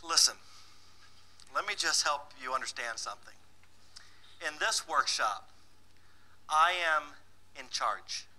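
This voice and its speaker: High, bright-voiced man running a workshop. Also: lively intonation, slow pace, long pauses, poor audio. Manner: teasing, bossy and playful with the audience; laughs often between remarks. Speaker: financial workshop presenter. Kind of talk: live workshop teaching.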